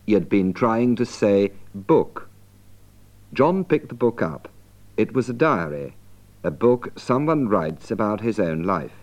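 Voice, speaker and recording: A man giving slow, deliberate scripted narration for language learners. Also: lowish voice, lively intonation, a little mellow, muffled recording.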